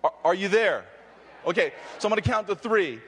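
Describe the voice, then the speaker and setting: A man's voice: high voice, lively intonation, a little fast, a bit bright, breathy edge. A man preaching and praying fervently to a live audience, joking and rousing the crowd. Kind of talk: energetic sermon with prayer. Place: large hall with live audience. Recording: long hall reverb.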